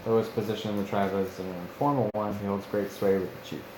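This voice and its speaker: A man's voice: fairly low pitch, little pitch movement, quick pace. A man thinking aloud as he writes a tabletop campaign and sounds out fantasy names. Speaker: game master. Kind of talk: live-streamed campaign writing, thinking aloud. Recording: echoey room with clear background noise.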